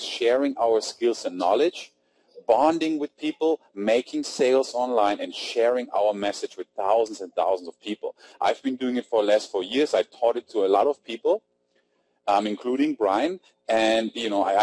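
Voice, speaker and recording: A man's voice: medium pitch, darkish tone, no echo, rough recording. A man with a German accent hosting an online marketing webinar, chatty and upbeat, reading out attendees' names from the chat. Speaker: webinar host. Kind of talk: casual webinar talk. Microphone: computer mic on webinar.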